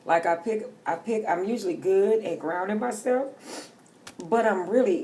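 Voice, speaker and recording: A woman's voice: medium pitch, normal speed, mellow, slight background noise. A middle-aged woman doing a tarot-reading vlog from home, joking and chatty, talking loosely and with profanity. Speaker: tarot reader. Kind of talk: casual vlog chat.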